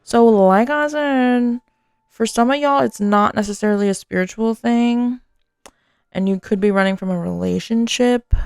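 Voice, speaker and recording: A woman's voice: on the high side, moderate pace, gravelly, a little mellow, clear, resonant tone, no echo, studio quality. A woman giving a casual, chatty tarot reading to her viewers, full of fillers and the odd swear word. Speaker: tarot reader.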